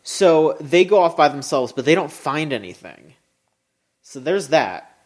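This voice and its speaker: A podcast co-host in casual chat, recapping an anime episode, animated and swearing freely. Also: a little slow. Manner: animated and swearing, pitch jumping up when excited.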